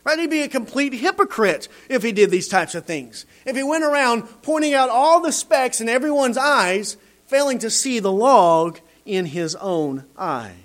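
A man preaching a sermon in a rhetorical, animated way, often tagging his points with "right?". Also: extremely high pitch, normal speed.

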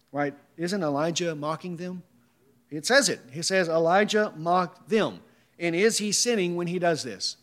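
High-pitched guy preaching, reads scripture then fires off rhetorical questions. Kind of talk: sermon.

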